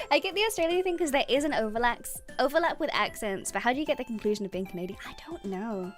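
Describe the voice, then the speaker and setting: A young woman with a British accent chatting on a stream, her voice high and full of swooping, lively pitch. She talks in a bubbly, giggly way as she reads out viewer comments, with faint music in the background. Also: fairly quick, pauses often. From Britain. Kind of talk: casual chat with viewers.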